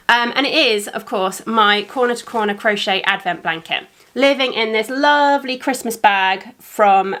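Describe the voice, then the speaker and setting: Bright-voiced chatty woman. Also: on the high side. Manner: chatty, rambling with frequent ums. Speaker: crafting podcast host and yarn dyer. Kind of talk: casual chat to camera. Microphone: camera facing the speaker.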